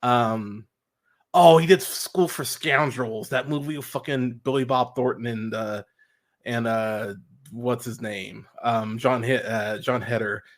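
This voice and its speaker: A man's voice: medium pitch, steady tone, slow. Rambling, cussing podcast man. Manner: rambling, heavy fillers and restarts, frequent swearing; mocking voices when quoting others. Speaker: podcast host. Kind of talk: casual solo movie commentary.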